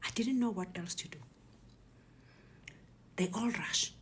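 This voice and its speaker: A middle-aged South African woman recounting a personal ordeal as an interview guest, speaking softly and often near a whisper. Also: medium pitch, lively intonation, normal speed, pauses often, slight background noise. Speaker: guest telling her story. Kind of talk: emotional personal testimony.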